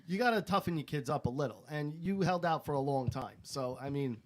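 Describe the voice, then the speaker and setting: A man's voice: fairly high pitch, lively intonation, fairly quick, a little hiss or hum. Blunt, laid-back man on a podcast. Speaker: podcast co-host; father. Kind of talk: casual podcast chat.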